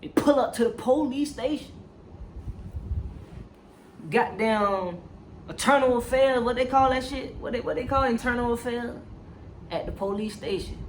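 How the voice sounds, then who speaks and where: A reviewer retells a film in a loose, animated way, swearing freely and dropping slang. Every few phrases they check in with the listener. The voice sits at a middle pitch over a faint hum of room noise. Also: measured pace, long pauses. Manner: animated and profane, heavy slang, constant "you feel me" check-ins. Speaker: movie reviewer. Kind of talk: casual movie recap.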